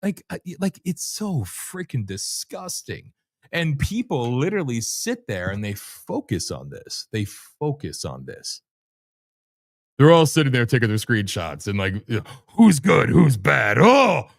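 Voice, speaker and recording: A man hosting a livestream, delivering loud, brash, sarcastic commentary laced with profanity. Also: medium pitch, sing-song, unhurried, no room sound, clean studio sound. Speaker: livestream host. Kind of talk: ranting commentary.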